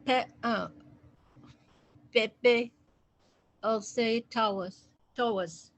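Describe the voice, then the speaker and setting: A woman's voice: fairly high pitch, drawn-out words, no room sound. A woman student in an online language class, trying words tentatively and playfully asking the teacher for help.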